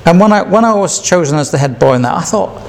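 A man's voice: high-pitched, animated, fast talker, vocal fry, a little hiss or hum. An older man telling a rambling personal testimony, repeating himself and chuckling between memories. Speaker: speaker sharing his testimony.

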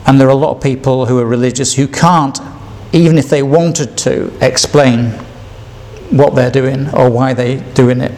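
A man's voice: mid-range voice, steady tone, normal speed, darkish tone. An older man telling a rambling personal testimony, repeating himself and chuckling between memories. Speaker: speaker sharing his testimony.

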